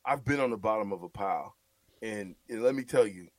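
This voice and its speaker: A man co-hosting a sports radio show, talking football in an animated, repetitive, coaching way. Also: on the low side, brisk, no room sound. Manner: animated, repeats words, coaching tone. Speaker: sports radio co-host, former player. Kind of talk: casual sports talk.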